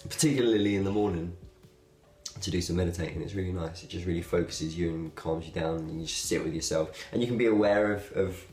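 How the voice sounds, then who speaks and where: A young man with a low, deep voice chats to his viewers in a relaxed, rambling way, full of "um"s and little laughs. He is recorded in a noticeably echoey room. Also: fast. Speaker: video blogger. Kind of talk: casual talk to camera.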